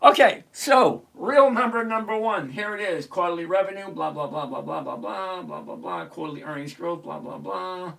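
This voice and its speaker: A man's voice: high voice, normal speed, gravelly, a bit bright. A man hosting a live stock-picking stream, blunt and sarcastic, explaining stock numbers like a chatty teacher. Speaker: livestream host. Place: at his computer, reviewing charts.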